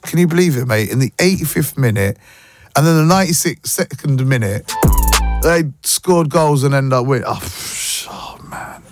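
A man's voice: medium pitch, expressive, moderate pace, soft background music. A man hosting a casual morning radio chat, rambling along with slang and sing-song asides. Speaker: radio host.

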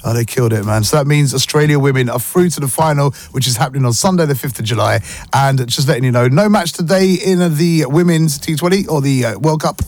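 A man hosting a breakfast radio show, joking and chatting in a casual, animated way. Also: mid-range voice, brisk, no echo. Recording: music bed behind the voice.

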